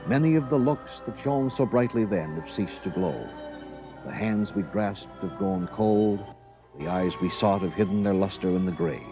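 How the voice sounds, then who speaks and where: Solemn male TV anchor on old tape. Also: on the low side. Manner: solemn, measured recitation. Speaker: TV news anchor presenting a special. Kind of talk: formal read of a Dickens passage. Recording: dull lo-fi 1970s TV tape with faint music.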